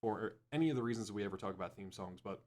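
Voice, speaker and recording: Low-voiced man hosting a podcast. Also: very fast, a little mellow. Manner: laughing, leads the discussion. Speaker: podcast host. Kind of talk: casual podcast chat.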